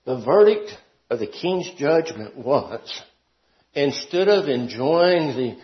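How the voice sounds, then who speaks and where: A man teaching a Bible class. He talks expressively, rising to emphatic peaks and dropping to quiet asides. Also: medium pitch, animated, slow. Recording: dull lo-fi classroom recording.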